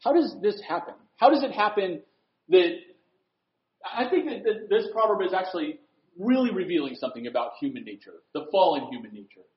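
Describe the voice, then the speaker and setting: A man preaching a sermon, animated, swinging from loud emphatic lines to hushed asides. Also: sits high, a little fast. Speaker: pastor. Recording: echoey room, dull lo-fi sound.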